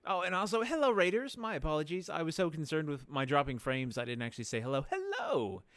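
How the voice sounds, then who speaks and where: A man's voice: fairly high pitch, fast, fairly bright tone, clean tone, no echo. A man streaming a game live, chatting playfully and joking with his chat.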